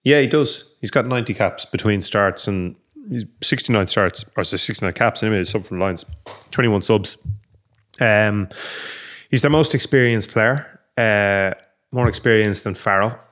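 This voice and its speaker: Male podcast co-host, low-pitched, rambling and profane. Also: normal speed, fairly bright tone. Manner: rambling, sweary, lots of fillers. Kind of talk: casual sports chat.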